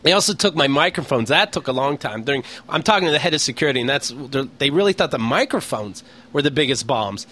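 A man's voice: a little high, expressive, quick pace, sharp tone. A man from Pennsylvania co-hosting a podcast, telling an exasperated, profane story in casual comedic chat. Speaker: podcast co-host.

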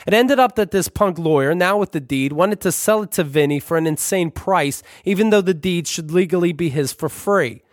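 A man's voice: sits high, moderate pace, hardly any pauses, no echo, clean studio sound. Wry man reading a memoir. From Brooklyn, New York. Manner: wry, profane, conversational. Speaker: narrator. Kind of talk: memoir narration.

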